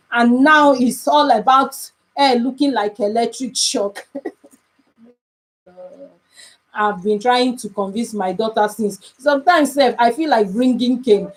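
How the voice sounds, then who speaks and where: A woman's voice: fairly high pitch, unhurried, rough recording. Emphatic Nigerian woman live streaming. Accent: Nigerian English. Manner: emphatic and repetitive, pleading. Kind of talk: casual live stream chat.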